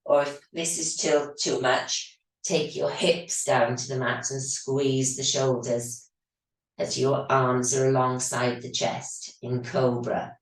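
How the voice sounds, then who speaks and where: This is guided yoga instruction from a woman whose voice is low, slow, and a touch hoarse from strain. Her breathing cues stay calm and even, while the recording sounds heavily echoey and distant from the microphone.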